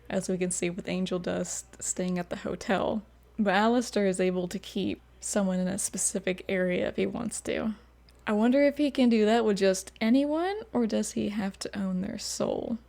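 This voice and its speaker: A woman's voice: medium pitch, vocal fry, a little mellow. A woman hosting a reaction video, chatting casually and laughing often. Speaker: host. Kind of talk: reaction commentary.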